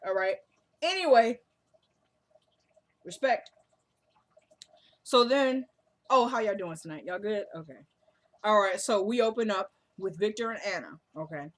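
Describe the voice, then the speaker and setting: A woman's voice: mid-range voice, animated, unhurried, pauses often. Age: unknown. Sex: woman. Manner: chatty, laughing, talks to viewers as y'all. Role: vlogger recapping a TV drama episode. Style: casual chatty recap to camera. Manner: talkative, laughs often, addresses viewers as y'all.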